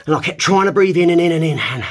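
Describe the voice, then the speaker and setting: A man talks to his viewers while holding a plank, his breath strained and sighing between phrases. His voice sits high for a man and swings widely in pitch, now and then bursting into emphatic shouts. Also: animated, fast talker. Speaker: fitness vlogger.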